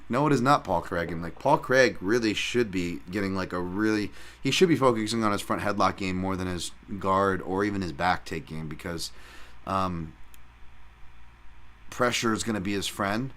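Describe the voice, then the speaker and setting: A man hosting a solo podcast who talks in rambling, profane, animated rants. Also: sits low, moderate pace. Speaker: podcast host and fight analyst.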